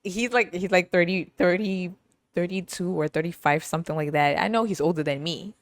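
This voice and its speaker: A woman's voice: lowish voice, fairly quick, dry recording. A woman hosting a podcast, telling stories in a casual, chatty way, laughing often and playfully teasing. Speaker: podcast host. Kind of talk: casual storytelling monologue.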